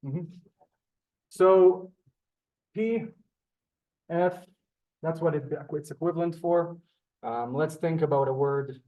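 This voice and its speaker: A man teaching a live beginners' Hebrew class, halting and repeating words, polite to his students. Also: fairly high pitch, warm tone, lo-fi sound.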